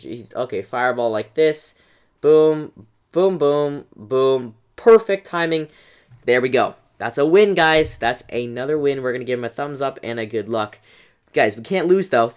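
An excitable young man talks through his gameplay as it happens. His delivery is chatty, with frequent "um"s and direct asides to his viewers. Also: mid-range voice, smooth. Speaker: gaming YouTuber. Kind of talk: live gameplay commentary.

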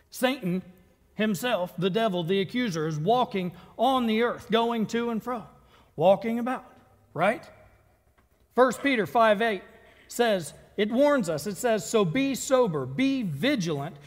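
A man preaching a sermon in a church, reading scripture in an earnest, conversational way. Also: high voice. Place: church sanctuary. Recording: long reverb of a church hall.

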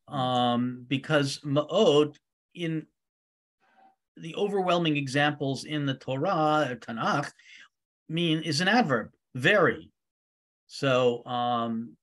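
A rabbi teaching a weekly Torah study class, reading Hebrew verses aloud and translating each one with many ums and uhs. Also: male voice, on the high side, animated, takes it slowly, pauses often, fairly bright tone.

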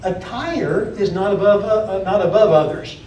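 A man's voice: high-pitched, moderate pace, darkish tone, muffled recording, slight background noise. A man preaching a sermon in a church, plainspoken, often repeating and restarting phrases. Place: church auditorium. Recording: echoey room from far off.

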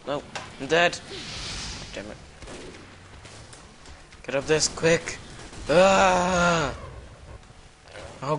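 Young male gamer, slow-talking, prone to sudden yelps, faint background noise. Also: medium pitch. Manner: excitable, swings from muttering to sudden yelps. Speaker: gamer commentating his play. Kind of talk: casual gameplay commentary.

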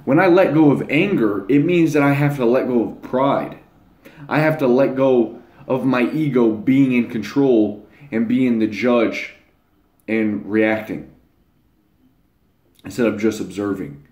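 Young male host, mid-pitched, blunt rambling delivery with slang, recorded in a roomy, echoing space. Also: a little slow, a little mellow. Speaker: channel host. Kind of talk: casual monologue to camera. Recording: echoey room.

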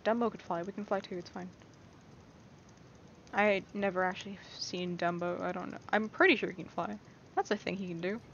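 A woman's voice: medium pitch, gravelly, a bit bright. A young woman giving casual, rambling let's-play commentary, playful and often reassuring herself. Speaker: gameplay streamer. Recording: dull lo-fi mic with faint hiss.

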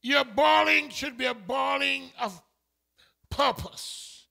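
Man preaching in church, very high and bright, slow delivery, builds to shouts. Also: vocal fry. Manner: impassioned, swings from quiet talk to shouting. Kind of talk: sermon.

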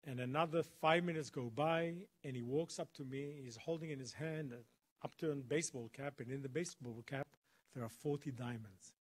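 In a college lecture hall, a guest speaker tells a story to an audience, acting out the dialogue with flair. His voice is husky and mid-range, and he speaks at a moderate pace.

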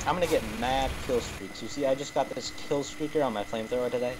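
A man's voice: medium pitch, quick pace, background noise. A young man chatting casually with his friend during a game, boasting and joking. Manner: silly, boastful banter. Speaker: gaming co-host. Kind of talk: casual gameplay chat.

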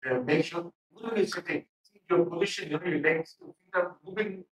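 A man's voice: sits high, a little fast, recorded from a distance. A man giving stern feedback in a mock interview, with many fillers. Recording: echoey room, off mic.

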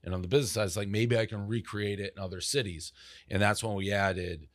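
A man's voice: on the low side, fairly even intonation, fast, no room sound, clean studio sound. A man talking as a podcast guest about founding his company, rambling and profane, with lots of "like" fillers. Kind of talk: casual interview storytelling.

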